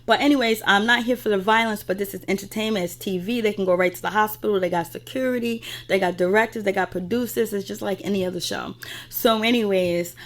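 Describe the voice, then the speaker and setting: A woman's voice: mid-range voice, fast. A woman in a casual spoken recap, chatty and opinionated, filling gaps with stock phrases as she goes. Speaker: reality TV recap host.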